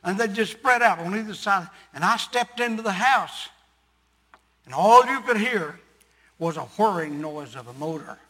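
An older male preacher with a high, bright voice tells his story from the pulpit, swelling into loud, emphatic sermon delivery. His voice rings out with a long reverb in a large hall. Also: lively intonation, normal speed, slightly rough.

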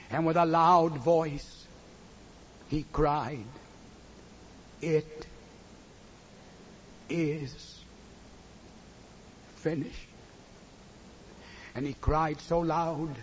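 A man preaching a sermon in church, with a slow, rhythmic delivery that swings from hushed tones to loud cries. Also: fairly high pitch. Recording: muffled recording with faint noise.

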